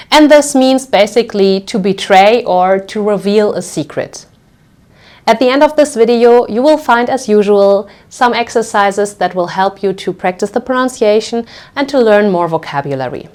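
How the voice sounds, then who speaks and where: In this pronunciation lesson delivered in English, a German teacher takes a patient, slow approach and keeps checking in with a frequent "okay?". Her medium-pitched voice has lively intonation and is a little mellow.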